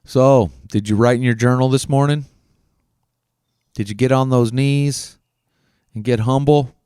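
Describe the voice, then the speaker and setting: Man, podcast host, earnest coaching monologue, smooth resonant voice, dry close sound, frank with casual swearing. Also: mid-range voice, steady tone, unhurried, warm tone, no room sound. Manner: earnest, coaching, asks many questions. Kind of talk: reflective self-help monologue.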